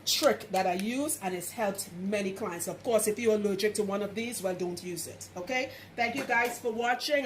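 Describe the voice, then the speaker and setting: In a relaxed how-to vlog, a Trinidadian loctician offers hair-care tips in a chatty, frank way with plenty of laughter. She speaks in a mid-range voice over slight background noise.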